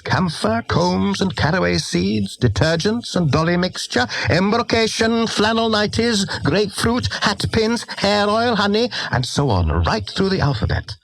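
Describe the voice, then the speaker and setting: A man reading a children's storybook aloud in an expressive, lively way. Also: high voice, vocal fry, husky, dry recording. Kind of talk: storybook narration.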